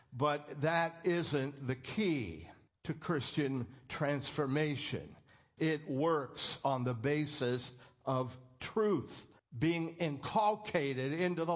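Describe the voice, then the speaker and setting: A man delivers a sermon at an unhurried, deliberate pace. His voice sits in an ordinary middle register, and he speaks earnestly, leaning hard on his key points and quoting scripture. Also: mid-range voice. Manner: earnest, emphatic, quotes scripture. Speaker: preacher.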